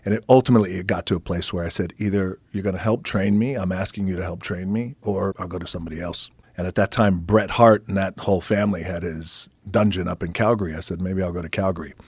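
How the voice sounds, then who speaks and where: A middle-aged man casually telling stories as a podcast guest, swearing freely and dropping into hushed near-whispers for quiet moments. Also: sits low, fairly even intonation, quick pace, few pauses, husky, no echo. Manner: swears casually, laughs between anecdotes. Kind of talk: casual storytelling.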